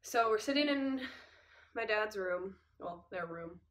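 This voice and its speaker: A young woman chatting casually as she tells a personal story, lively and acting out the dialogue. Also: medium pitch, unhurried. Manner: lively retelling that acts out the dialogue. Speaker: vlogger telling a personal story.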